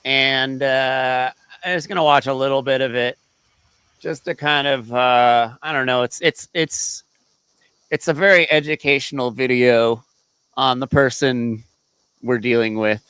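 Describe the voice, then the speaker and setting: A man's voice: mid-range voice, fairly even intonation, measured pace, a bit bright, clean tone, no room sound, low-quality recording. A man hosting a live podcast, talking casually and bluntly, ranting and swearing as he goes. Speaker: podcast host. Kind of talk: casual live-stream commentary.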